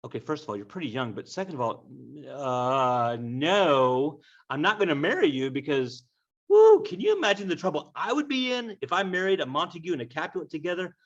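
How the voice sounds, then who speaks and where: A man's voice: on the high side, sing-song, a little fast, distant mic, voice pushed up. A man voicing a flustered friar who talks in exasperated, chatty exclamations. The recording sounds dull and lo-fi.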